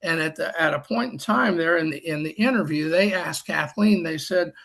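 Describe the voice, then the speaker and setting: An older man with a somewhat high, gravelly voice tells folksy anecdotes to his peers on a video call. His tone is bright and forceful, and his humor is dry and self-deprecating. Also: moderate pace. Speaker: past district governor. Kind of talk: storytelling talk on a group call.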